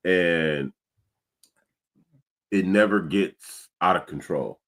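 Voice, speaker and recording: A man hosting a casual talk stream, telling stories in a relaxed way and laughing often. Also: deep voice, very slow. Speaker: podcast host. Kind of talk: casual chat.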